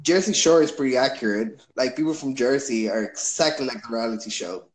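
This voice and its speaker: A man's voice: mid-range voice, fairly quick. Easygoing Chilean man in an echoey room. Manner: easygoing, laughs often, asks questions. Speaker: podcast host. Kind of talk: casual chat.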